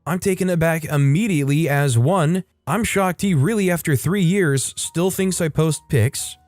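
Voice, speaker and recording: A man's voice: fairly high pitch, moderate pace, a little mellow, dry recording. A man hosting a channel, reading stories aloud in a casual, conversational way and adding his own commentary. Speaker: host and reader of online stories.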